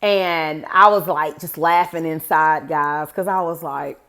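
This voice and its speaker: With a low, slightly bright voice, this vlogger in her forties speaks unhurriedly yet hardly pauses. She chats to camera about her own experience in a loose, rambling way, repeatedly addressing viewers as "guys."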